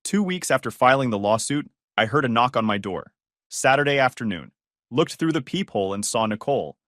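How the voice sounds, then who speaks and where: Male narrator, scripted story, wry and scornful, lively pitch, dry close sound. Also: no room sound.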